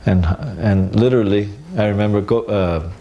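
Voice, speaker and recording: A man recalling old memories in a casual, animated storytelling way, acting out the dialogue and often stopping to restart. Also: lowish voice, highs cut off. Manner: halting, with restarts and fillers.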